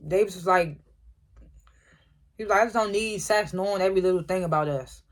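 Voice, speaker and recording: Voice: mid-range voice, a bit bright. Casual TV recapper: chuckly, profane, rattles off quoted dialogue scene by scene. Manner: chuckles often while retelling scenes; acts out characters' lines in quick quotes. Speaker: TV episode reviewer.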